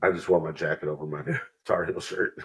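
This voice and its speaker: His voice is very deep and fairly bright, with fairly even intonation at a normal speed. This New York podcast co-host tells rambling stories in casual chat, acting out the people he quotes, on a low-quality recording.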